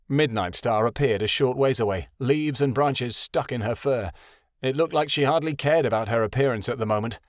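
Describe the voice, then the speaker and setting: A man narrating a fantasy audiobook in an expressive reading style. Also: mid-range voice, moderate pace, no room sound, studio quality.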